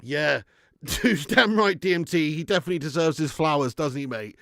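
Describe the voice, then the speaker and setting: A young adult man chats his way through a fan livestream, laughing often as he reads out viewer comments. His voice sits a touch high, and the sound is close and dry with no room echo. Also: normal speed, creaky, sharp tone. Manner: chatty, laughs often, puts on mock regional accents. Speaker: fan channel livestream host. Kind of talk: casual livestream chat reading comments.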